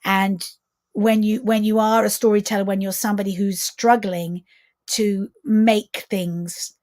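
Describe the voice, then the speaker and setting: A middle-aged woman, a film director, chatting as a guest on a video call interview in an animated, expressive way, often restarting her sentences. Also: mid-range voice, a little slow, no room sound, clean studio sound. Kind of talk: casual interview chat.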